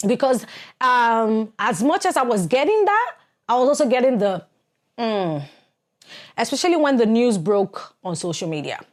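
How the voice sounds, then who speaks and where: A woman in her forties speaks with a Nigerian accent, her voice sitting a little high. She tells a personal story on a podcast with plenty of life, slipping into other people's voices as she goes and laughing often. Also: sing-song, moderate pace. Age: 40s. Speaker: podcast co-host.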